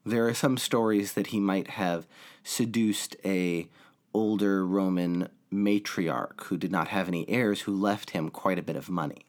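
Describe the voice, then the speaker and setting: A man hosting a history podcast, narrating from a script in a deep voice worn by a cold, with a measured, steady delivery. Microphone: home recording edited in a laptop audio program.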